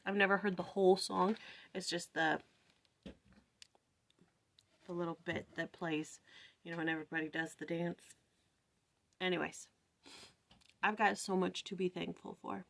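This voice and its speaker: A woman's voice: on the low side, steady tone, moderate pace, vocal fry, long pauses, fairly bright tone. Woman musing aloud over scripture at home. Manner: thinking aloud, chatty, lots of "like" and "right?". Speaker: vlog host. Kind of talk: casual morning scripture study.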